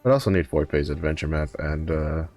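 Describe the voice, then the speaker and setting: A man with an extremely low, slightly mellow voice talks fast while streaming a game, rambling casually with lots of fillers and self-corrections. He sounds a bit tired and yawns, with faint music playing behind him.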